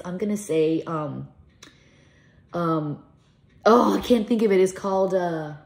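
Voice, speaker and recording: A woman's voice: mid-range voice, slight background noise. A middle-aged woman vlogger, a mother, chatting casually to camera in a rambling, emotional way. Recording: echoey room with soft music.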